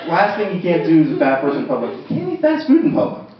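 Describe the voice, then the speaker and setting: Quick and fairly high-pitched, a young man's voice swoops wildly as he performs self-deprecating, conversational stand-up at a university, often saying "um." Audience laughter fills the roomy, distant, dull-sounding recording.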